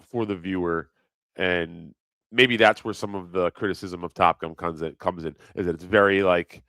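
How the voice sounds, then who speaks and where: A man's voice: low-pitched, fairly bright tone, clear, resonant tone, no room sound. A middle-aged man rambling crudely in a casual livestream chat, reading comments aloud and laughing at himself.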